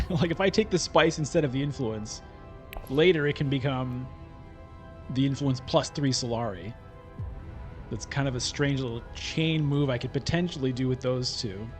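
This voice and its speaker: A man's voice: mid-range voice, unhurried, long pauses, soft background music. A man thinking aloud while giving casual gameplay commentary on a digital board game. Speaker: gameplay streamer.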